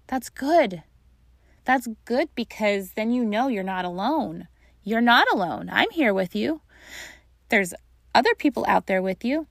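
A woman's voice: a little high, animated, a little slow, gravelly, dry recording, clean studio sound. A young adult woman hosting a solo podcast on grief, talking casually and reassuringly straight to her listeners with many fillers. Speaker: podcast host and grief coach.

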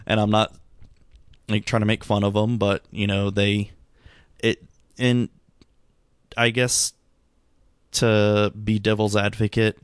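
A man's voice: fairly low pitch, level tone, a little slow, gravelly, pauses often, dry recording, clean studio sound. A middle-aged man talking through a long night in a rambling, self-critical monologue, tired and subdued, with many restarts and fillers. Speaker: vlogger. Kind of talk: reflective casual monologue.

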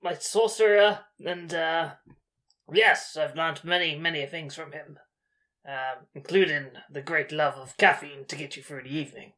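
A man playing a tabletop game in character, talking in a hesitant, halting way. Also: fairly high pitch, pushed and bright. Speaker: player. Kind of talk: in-character tabletop role-play.

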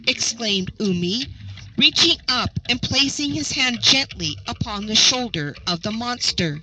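A woman narrating a folk tale in a measured, expressive storybook reading. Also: mid-range voice, low-quality recording.

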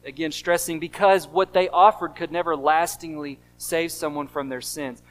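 An American pastor delivers a sermon in a slightly higher than usual male voice. He drives points home by repeating short phrases, rising in volume on the stresses. He drops to a hush for the asides. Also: rough recording. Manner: emphatic, repeats key phrases, swings between loud stresses and quiet drops.

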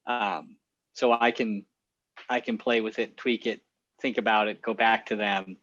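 A man's voice: lowish voice, steady tone, a little slow, a bit bright, dry recording, lo-fi sound. A man who coaches skiing, a podcast guest talking casually and thoughtfully, often restarting his phrases. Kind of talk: casual chat.

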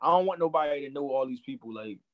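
A man's voice: medium pitch, lively intonation, fast talker, narrow, tinny audio, over a noisy crowd. A young man hosting a casual chat, giving blunt and profane opinions.

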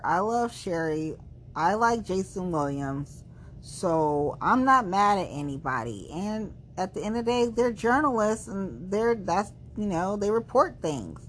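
A woman hosting a podcast, venting in a heated, emphatic way after a few drinks, rushing some words and drawing others out. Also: mid-range voice, fairly bright tone. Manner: heated, emphatic, quick bursts between slow drawn-out words. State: tipsy after several drinks. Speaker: podcast host. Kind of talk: casual venting monologue.

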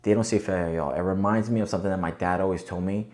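A man's voice: low voice, steady tone, very fast, a little mellow. A man hosting a podcast, talking casually and coaching listeners with frequent rhetorical check-ins. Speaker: podcast host. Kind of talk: casual motivational monologue.

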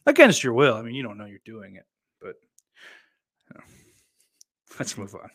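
A man's voice: mid-range voice, huge pitch swings, normal speed, fairly bright tone. A man with a Southern US accent, hosting and reading chat messages aloud, rambling and swearing bluntly. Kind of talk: casual chat.

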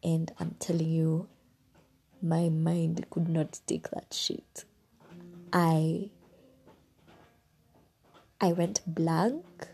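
A woman's voice: low voice, flat delivery, very slow, gravelly, long pauses, mellow, slightly rough. A woman, hosting a podcast and telling a personal story in a casual, exasperated way, swearing freely. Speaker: podcast host.

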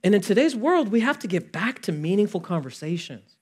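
A fairly high-voiced young man preaching a chatty sermon. He talks like he is telling stories to friends, acting out both sides of conversations. His voice swings from loud, punchy emphasis to quiet, hushed asides. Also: big pitch swings, a little fast, husky. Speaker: pastor.

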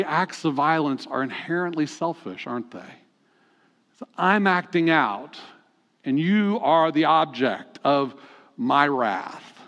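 A man with a fairly high voice preaches to his congregation in a relaxed, conversational way and keeps checking in with rhetorical questions. His voice rings out with a long reverb, and the recording sounds dull and muffled. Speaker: pastor. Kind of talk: sermon.

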